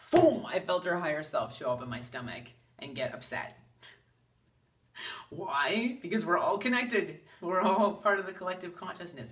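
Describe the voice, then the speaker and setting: A woman with a low voice gives a chatty, animated spiritual talk as a medium. She acts out the voices she quotes. Her voice sits a little distant from the microphone. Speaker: psychic medium. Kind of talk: casual spiritual talk to camera.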